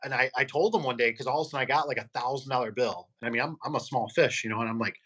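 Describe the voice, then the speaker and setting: Man, garage door business owner, casual podcast chat, rambling storyteller, mid pitch. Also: racing, bright, forceful tone. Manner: rambling storyteller, acts out quoted people.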